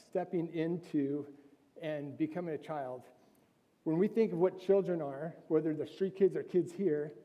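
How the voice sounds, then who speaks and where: A man's voice: fairly high pitch, muffled recording. A man from California giving an informal Sunday school sermon, telling stories earnestly and conversationally with frequent restarts. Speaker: missionary speaker at Sunday school. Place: large echoey church room. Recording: long reverb from a hall.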